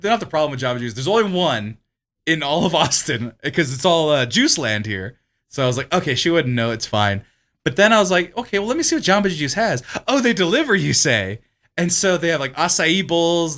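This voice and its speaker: A man co-hosting a casual podcast, his voice sitting a little high and swinging widely as he talks. He rambles through stories, swears freely and breaks into laughter often. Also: fairly bright tone. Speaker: podcast co-host. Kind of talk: casual chat.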